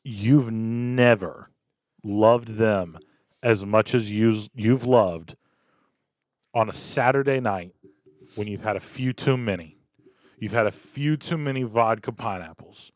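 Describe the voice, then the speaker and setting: A man's voice: lowish voice, takes it slowly, a little mellow, no echo, studio quality. A man co-hosting a podcast, telling a comic story in casual chat and acting out voices, laughing often. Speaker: podcast co-host.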